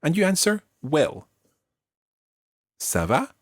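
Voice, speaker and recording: A man teaching a beginner language lesson on a podcast, patient and clear as he models words for learners to repeat. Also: fairly high pitch, big pitch swings, takes it slowly, no room sound, clean studio sound.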